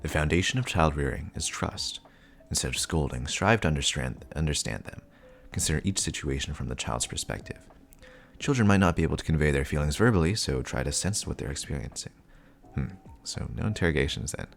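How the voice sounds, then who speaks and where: A man's voice: rumbling low, expressive, a little fast, creaky, soft background music, voice pushed down, exaggerated voice. A man voicing a stern male spy posing as a father, in clipped, earnest inner monologue. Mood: annoyed. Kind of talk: comic reading with voices.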